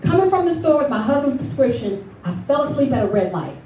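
A woman giving a lively motivational speech at a luncheon, telling her story and calling for responses from the audience. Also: sits high, quick pace. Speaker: motivational speaker. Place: event hall at a luncheon. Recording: echoey hall recorded from far off.

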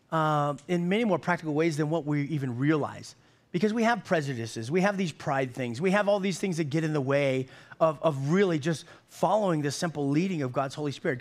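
A man in his fifties preaching to a congregation with a voice a touch higher than most men's. He talks in a folksy, joking way, often doubling back and repeating words before he lands a point. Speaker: pastor. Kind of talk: sermon.

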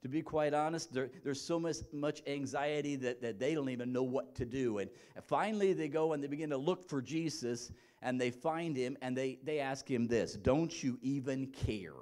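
A pastor preaches a sermon in a conversational way, often restarting his sentences. His voice sits at a middle pitch for a man, and he moves between quiet, reflective stretches and rising, emphatic passages. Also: normal speed, few pauses.

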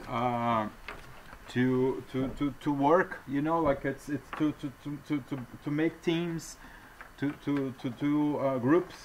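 Speaking English with a non-native accent, a mid-range-voiced vlogger addresses his viewers in a wandering, sincere, unscripted monologue, often pausing to apologize. The audio quality is poor, with some hiss or hum.

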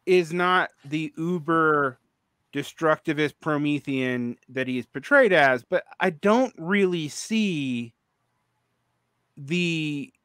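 A man's voice: on the high side, a bit bright, clean tone, no room sound, clean studio sound. A man in his forties hosting a podcast, chatting casually, rambling and restarting often with many fillers. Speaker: podcast host. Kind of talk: casual conversation.

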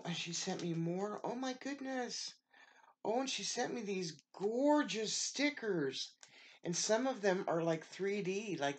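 Unboxing a package in a relaxed show-and-tell, an American woman who makes craft videos pours out gratitude for every item. Her voice is extremely low in pitch.

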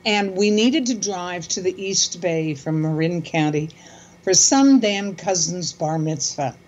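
An older woman in a casual conversation, speaking in a calm, measured way and telling stories. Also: on the low side, lo-fi sound.

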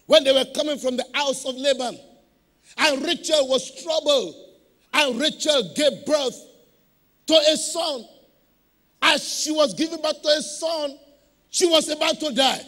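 High, bright-voiced preacher in a hall. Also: male voice. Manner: emphatic preaching with call-and-response to the congregation. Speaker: pastor. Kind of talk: sermon.

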